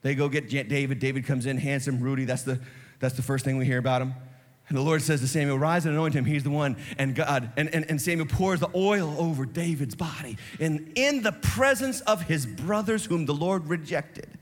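A man preaching a sermon as lead pastor, telling Bible stories in an animated, acted-out way. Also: fairly high pitch, normal speed. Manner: animated storytelling, acts out Bible scenes. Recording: long reverb of a large church hall.

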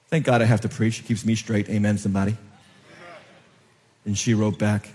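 A male pastor preaching a sermon to his congregation, rising to loud emphatic peaks and dropping to soft, low asides, often asking the room questions. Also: level tone, normal speed, long pauses, breathy edge. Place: church sanctuary. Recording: long hall reverb.

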